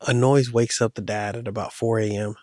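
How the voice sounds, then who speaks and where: A man's voice: fairly low pitch, fairly even intonation, fairly quick, a little mellow, no echo, studio quality. A man hosting a podcast, telling a horror story in a loose, casual way with slang. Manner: loose, rambling retelling with slang.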